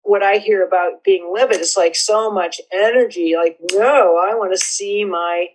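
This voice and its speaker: A woman therapist guiding a session in a gentle, measured, coaxing way. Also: medium pitch, rough recording.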